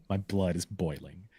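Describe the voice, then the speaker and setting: A man co-hosting a podcast, casually retelling comic book stories in an animated way with lots of "like" and "um". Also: deep voice, slightly rough, dry recording. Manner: animated storytelling full of "like" and "um" fillers. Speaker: podcast co-host. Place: live podcast recording.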